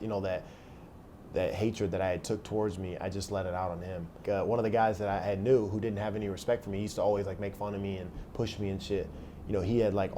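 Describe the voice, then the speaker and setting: A young man in a documentary interview, telling his story in a plain, halting way, full of "like" and acted-out quotes. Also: low voice, dark tone.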